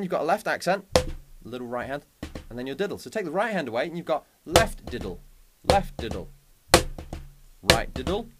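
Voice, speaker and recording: An upbeat man teaching drums with a lively voice that rises and falls a lot as he counts out sticking patterns. Loud drumming plays behind him the whole time. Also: on the high side. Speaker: drum teacher. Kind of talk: instructional lesson.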